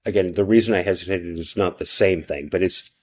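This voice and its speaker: A man's voice: sits low, fairly even intonation, fairly quick, darkish tone. A male podcast host in casual chat, rambling, swearing a lot and often tagging his lines with "right?".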